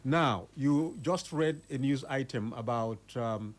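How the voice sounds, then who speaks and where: A man's voice: medium pitch, takes it slowly. A Nigerian man calling in to a radio show, indignantly asking why the government has not acted. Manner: indignant, rhetorical questions. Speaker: caller. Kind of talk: radio phone-in commentary.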